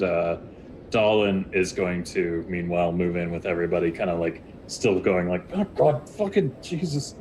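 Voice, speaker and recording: Deep-voiced rambling game master. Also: male voice, darkish tone, slight background noise, poor audio. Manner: rambling, many fillers and restarts. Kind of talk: narrating a tabletop game.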